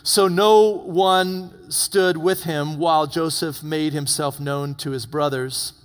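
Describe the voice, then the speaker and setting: A male pastor preaching a sermon, retelling a story dramatically and dropping to hushed tones for emphasis. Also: on the high side, fairly even intonation, slow pace. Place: church. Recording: long reverb of a church hall.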